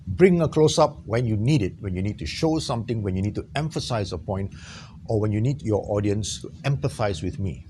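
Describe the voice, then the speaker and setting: A man teaching an on-camera tutorial in a small studio, lively and jokey, checking in with his viewers often. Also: fairly low pitch, fairly quick, a little hiss or hum. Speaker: trainer.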